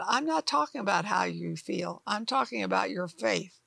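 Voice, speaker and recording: A woman's voice: medium pitch, moderate pace, gravelly, few pauses, fairly bright tone, no echo. An older woman teaching the Bible on television in a folksy, emphatic sermon style. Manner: folksy and emphatic, acts out doubters' voices.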